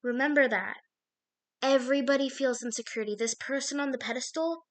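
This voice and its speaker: A woman's voice: a little high, fairly quick. A woman doing an intuitive card reading to the viewer, in a meandering way full of fillers, often losing her thread and restarting. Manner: meandering, filler-heavy, self-interrupting.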